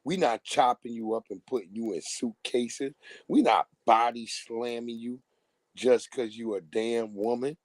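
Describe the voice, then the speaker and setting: A man's voice: medium pitch, unhurried, no room sound. Emphatic man hosting a livestream. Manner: emphatic, profane, calls the audience "family". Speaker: livestream host reacting to clips. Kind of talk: casual live-stream commentary.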